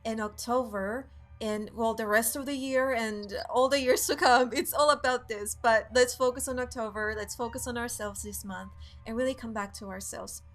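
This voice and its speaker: A woman's voice: a little high, steady tone, moderate pace, fairly bright tone, faint music behind. Impassioned woman in spiritual chat. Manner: impassioned, emphatic, builds to emotion. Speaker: co-host.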